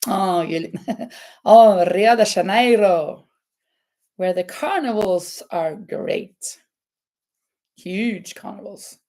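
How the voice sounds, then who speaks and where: A woman from Norway with a Norwegian accent, hosting a casual live crochet chat in a halting way, with many fillers and restarts. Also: medium pitch, expressive, mellow. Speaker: crochet channel host.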